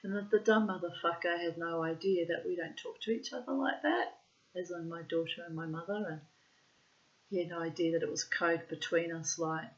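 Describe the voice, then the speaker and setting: A woman's voice: lowish voice, a bit bright. A woman telling a family story in a casual vlog, with dramatic, profane, self-assured storytelling and dull lo-fi audio.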